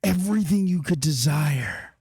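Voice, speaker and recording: Man doing a coaxing book spirit, pleading, tempting, dry close sound, a bit loud. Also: on the high side, lively intonation, moderate pace, breathy edge, no echo, exaggerated voice.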